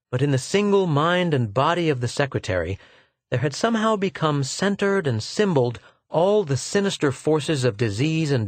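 A man's voice: mid-range voice, no echo. Man with a dry, close narration. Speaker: audiobook narrator. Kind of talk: scripted narration.

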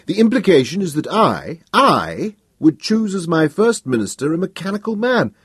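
A man's voice: on the high side, big pitch swings, normal speed, breathy edge, no room sound, studio quality, pitched above the performer's own voice, exaggerated voice. A man voicing an imperious, indignant emperor. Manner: indignant, demanding questions. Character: imperious, agitated galactic emperor, adult man. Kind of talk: audiobook character voice.

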